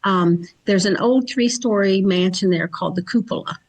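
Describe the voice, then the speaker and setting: A woman's voice: medium pitch, normal speed. A woman guest from Kentucky chatting casually on a podcast about her events and psychic work.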